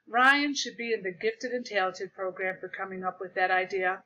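A woman reading a children's book aloud in an animated, expressive way, in a dull lo-fi recording. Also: mid-range voice, moderate pace. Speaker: storyteller.

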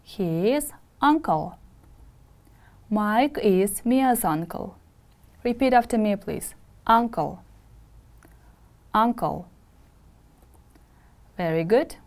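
Teacher lady from kyrgyzstan drilling words with kids, warm low-key tone, clear and patient. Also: lively intonation. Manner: slow, clear drilling with "repeat after me". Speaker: English teacher. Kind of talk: video lesson for schoolchildren.

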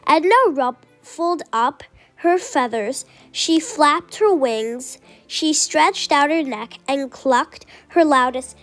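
High-voiced woman reading a picture book. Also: slow, a bit bright, faint music behind. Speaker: storyteller. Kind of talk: children's book read-aloud.

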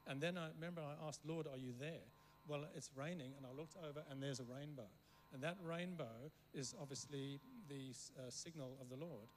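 A man's voice: fairly high pitch, brisk, slight background noise, low-quality recording. A man who grew up in Africa and learned English as a second language, preaching as a guest speaker through long rambling stories, often checking in with the listeners. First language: not English. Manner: rambling anecdotes, keeps checking in with the room. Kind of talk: storytelling sermon.

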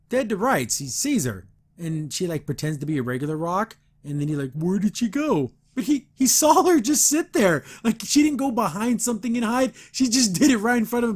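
A man hosting a podcast, casually recapping and reacting to a cartoon episode in a sarcastic, exasperated way, often laughing. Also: on the high side. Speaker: podcast host reviewing a cartoon.

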